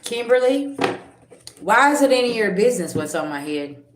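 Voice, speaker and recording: A woman giving a livestream tarot reading, blunt and confrontational, with slangy talk and sharp comebacks to her viewers. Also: fairly high pitch, sing-song, normal speed. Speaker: tarot reader. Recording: echoey room with loud background noise.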